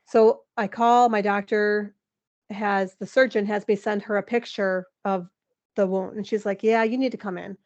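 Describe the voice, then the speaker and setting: A woman's voice: medium pitch, moderate pace, muffled recording. Emotional woman in her forties retelling. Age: 40s. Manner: emotional, animated retelling with frequent "like" and laughs. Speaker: guest. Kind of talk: candid interview storytelling.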